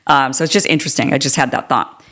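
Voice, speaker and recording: A woman's voice: extremely low pitch, steady tone, fast talker, a bit bright. A woman hosting an interview show who asks questions casually and rambles, with many "I mean" and "like" fillers. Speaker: show host. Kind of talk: political interview.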